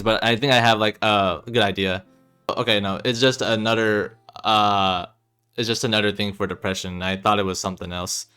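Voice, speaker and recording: Young guy chatting while he plays a game, bright crisp voice, faint music behind. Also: fairly low pitch. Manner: chatty, laughs and trails off. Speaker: gamer reading a visual novel. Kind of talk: casual game commentary.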